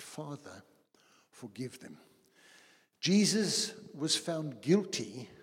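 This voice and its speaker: A man preaching a sermon as pastor, dramatic, slowing for quotes and quickening in anecdotes. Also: medium pitch, fairly bright tone. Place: church hall. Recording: husky voice in a long-reverb church hall.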